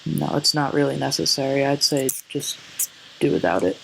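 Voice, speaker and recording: A man giving a casual music production tutorial, relaxed and hesitant, often correcting himself as he goes. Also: mid-range voice, normal speed, vocal fry, rough recording. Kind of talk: casual screen-recorded tutorial. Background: faint synth sounds.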